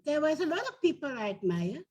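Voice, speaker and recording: A woman's voice: high-pitched, fairly quick, low-quality recording. An older woman with a South African accent, a union leader telling earnest stories from her past in an interview. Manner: earnest, reminiscing, animated storyteller. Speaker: domestic workers' union leader, guest. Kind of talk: personal storytelling in an interview.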